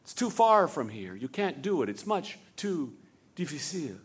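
A man voicing a young French-speaking girl, speaking softly and bluntly. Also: low voice, big pitch swings, normal speed, husky, heavily acted. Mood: matter-of-fact.

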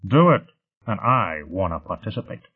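A sardonic, needling male alter ego, as a man puts him on, close to the narrator's own voice with a husky edge. The audio is thin and phone-like. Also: lowish voice, sing-song, normal speed. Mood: mocking. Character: mocking, lewd inner male personality.

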